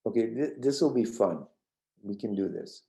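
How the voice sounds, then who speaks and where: An older man from the New York suburbs leading a parenting workshop, telling a childhood story and guiding exercises in a rambling, gentle way with many restarts. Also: on the low side, expressive, normal speed, creaky, low-quality recording. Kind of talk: casual storytelling lecture.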